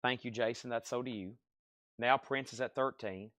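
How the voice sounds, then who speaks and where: A man running a live-stream record sale, calling prices and bidders in brisk bursts with chatty asides. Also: medium pitch, a bit bright, no room sound. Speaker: live auction seller.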